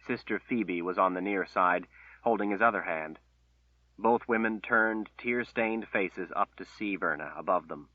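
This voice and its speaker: A man narrating a fantasy novel in a solemn, measured reading over a tinny phone-like line. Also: low voice. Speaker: audiobook narrator.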